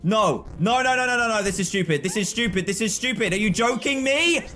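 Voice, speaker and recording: A man streaming live gameplay with excitable, frustrated commentary, often yelling at the game. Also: sits high, fairly quick, faint music behind.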